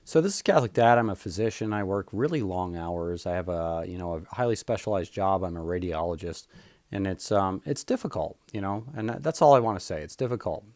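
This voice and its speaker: Man, low voice, blunt and opinionated, rambling monologue, dry close recording. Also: animated, brisk, darkish tone, no room sound. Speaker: podcast host, physician. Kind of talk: casual solo monologue.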